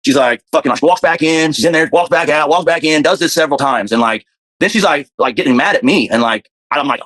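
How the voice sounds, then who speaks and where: A man's voice: a little high, fast talker, fairly bright tone. A man telling his story in casual, rambling talk, profane and full of fillers.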